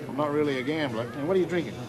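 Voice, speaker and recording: An actor playing a calm, stubborn male horse-picker in a country pub, speaking with an Australian accent, laconic and firm. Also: fairly high pitch, fast talker, natural voice. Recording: pub crowd chatter behind. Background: bar crowd murmur.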